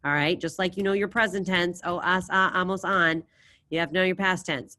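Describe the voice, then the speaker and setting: A woman's voice: on the low side, steady tone, brisk, sharp tone. Encouraging woman teaching an online class. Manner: encouraging, drills verb endings aloud with students. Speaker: Spanish teacher.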